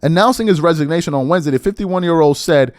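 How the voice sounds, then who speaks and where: A man's voice: a little high, fast talker, no echo, clean studio sound, soft background music. A middle-aged man hosting a political commentary monologue, incredulous and full of rhetorical questions.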